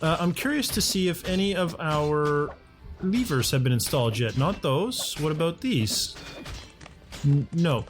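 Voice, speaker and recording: With soft music in the background, a let's play host chats casually while gaming in his home condo, frequently talking to himself and his characters. His voice is a little high, with lively intonation and a measured pace.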